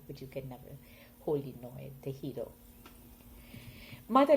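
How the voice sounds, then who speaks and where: Woman poetry reader, medium voice, expressive, dynamic delivery. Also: medium pitch, a little hiss or hum, poor audio. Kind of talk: poetry reading.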